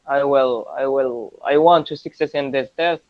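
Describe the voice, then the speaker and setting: A Moroccan man practising English on a video call, halting and repeating words as he goes. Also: mid-range voice, no room sound, dull audio. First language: Moroccan Arabic. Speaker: English learner. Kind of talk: casual video-call lesson.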